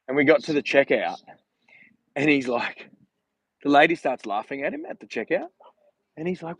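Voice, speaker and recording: A man's voice: a little high, lively intonation, moderate pace, pauses often, no echo, rough recording. A man talking casually in a rambling, chatty way while walking outdoors during a livestream vlog, filmed on a handheld phone. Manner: chatty, rambling, laughs while telling stories. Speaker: vlogger.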